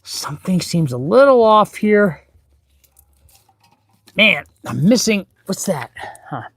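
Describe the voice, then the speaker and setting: A middle-aged man, an auto mechanic hosting a casual live stream from his garage, chatting and rambling excitably as he works. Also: high voice, takes it slowly, breathy edge. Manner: chatty, excitable and rambling, with sudden loud outbursts. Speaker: auto mechanic and channel host. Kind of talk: casual live-stream chat while working.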